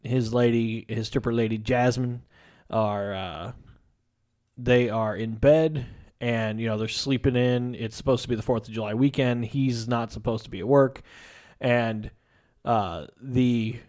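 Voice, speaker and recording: A man's voice: mid-range voice, fairly even intonation, unhurried, a little mellow. A man casually discussing a film on a podcast, rambling and laughing often. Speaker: podcast co-host.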